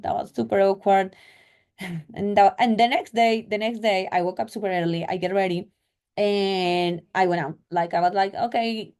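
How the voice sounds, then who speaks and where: A young woman with a Colombian accent talks through her travel stories in a loose, chatty way. Her voice is mellow and soft-edged. She leans on filler words and acts out the conversations. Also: mid-range voice. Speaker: travel vlogger. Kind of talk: casual storytelling.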